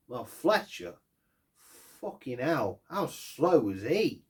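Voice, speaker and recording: Furious swearing football fan. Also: male voice, mid-range voice, big pitch swings, takes it slowly. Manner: angry, heavy swearing, emphatic. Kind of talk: post-match fan rant.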